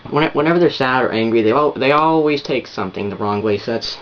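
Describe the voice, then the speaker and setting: A man's voice: medium pitch, fast, muffled recording. Male vlogger, rambling and repetitive, faint hiss behind. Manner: rambling, repetitive, many restarts. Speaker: vlogger giving advice. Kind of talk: rambling casual monologue.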